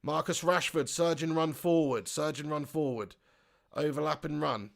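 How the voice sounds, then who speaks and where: A man hosting a live football watch-along, reading out chat comments and shouting at the big chances. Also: fairly high pitch, normal speed, creaky.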